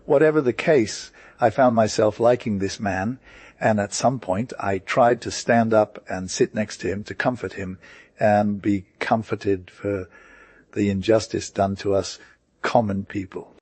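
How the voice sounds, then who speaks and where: Man, audiobook narrator, first-person story, measured reading, husky, dry close sound. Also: fairly low pitch, darkish tone, no echo.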